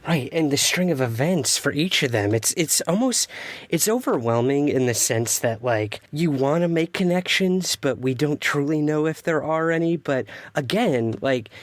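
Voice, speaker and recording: A man's voice: on the high side, lively intonation, moderate pace, no room sound. Reflective male podcast host. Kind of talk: casual interview chat.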